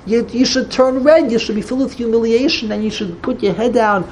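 Animated woman giving a Torah lecture. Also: on the high side, brisk, few pauses, slight background noise. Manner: animated, jumps into dramatized dialogue with Hebrew and Yiddish terms; frequent restarts and stammers when excited. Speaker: Torah teacher.

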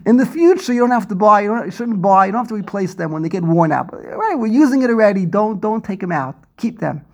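A man hosting a casual chat over a video call, telling animated stories and laughing often. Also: high voice, quick pace. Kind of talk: casual conversation.

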